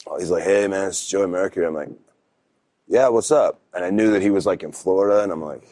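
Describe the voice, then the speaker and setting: Laid-back deep-voiced man telling stories. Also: fairly even intonation, rapid-fire, darkish tone, no room sound. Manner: laid-back, rambling, lots of fillers and restarts. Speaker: wrestler, podcast guest. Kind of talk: casual storytelling interview.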